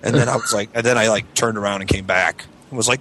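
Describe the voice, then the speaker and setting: A man's voice: mid-range voice, fast talker, a little hiss or hum, poor audio. A man telling a profane story in casual chat, acting out what others said in a raised voice. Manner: animated, profane, acts out quoted lines in a raised voice. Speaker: show regular telling a story.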